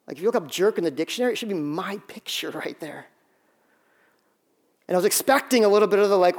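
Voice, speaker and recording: High-voiced pastor preaching conversationally. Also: male voice, quick pace. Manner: conversational, self-deprecating storytelling with many restarts. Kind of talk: sermon.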